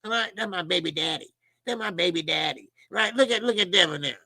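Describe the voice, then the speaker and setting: A man's voice: high-pitched, a little fast, gravelly, bright, forceful tone, dry recording. A middle-aged man hosting a boxing talk channel, ranting casually and profanely, often mimicking people in a mocking voice. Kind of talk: casual commentary monologue.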